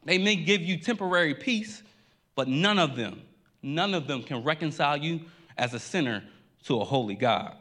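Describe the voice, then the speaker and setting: A man's voice: on the high side, lively intonation, moderate pace, sharp tone. A man preaching a sermon as pastor, earnest, repeating key lines for emphasis, with occasional stammered restarts.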